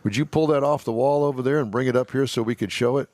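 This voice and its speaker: A man with a middle-pitched voice hosting a car talk show, playful and teasing in relaxed chat. His speech is dry and close to the mic. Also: fast, no room sound. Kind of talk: casual chat, joking.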